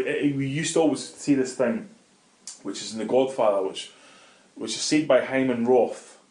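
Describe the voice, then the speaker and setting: A middle-aged Scottish man, a guest in an interview, telling animated anecdotes in casual talk and swearing freely. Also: fairly low pitch. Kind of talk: casual storytelling. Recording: roomy echo.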